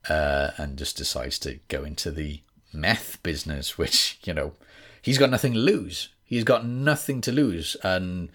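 A man's voice: deep voice, a little slow, hardly any pauses, fairly bright tone. A man from Wales with a West Welsh accent, chatting as a podcast guest, rambling and hedging with lots of fillers. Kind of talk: casual podcast conversation.

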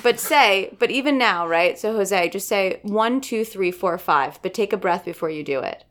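A woman's voice: mid-range voice, normal speed. A woman voice coach chatting casually and eagerly, often checking in with listeners. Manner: animated, keeps checking in with "right?". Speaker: voice and dialect coach. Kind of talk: casual chat.

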